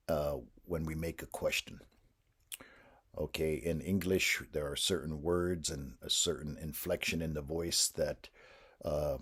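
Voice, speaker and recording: A man patiently explaining a language lesson to teachers in a measured, instructional way. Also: very deep voice, breathy edge.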